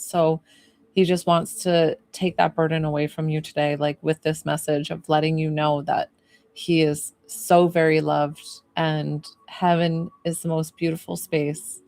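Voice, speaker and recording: A woman's voice: sits low, little pitch movement, measured pace, gravelly, a little mellow. A woman working as a psychic medium, giving an emotional livestream reading in long, rambling sentences. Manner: relays messages as she hears them, quoting the spirit.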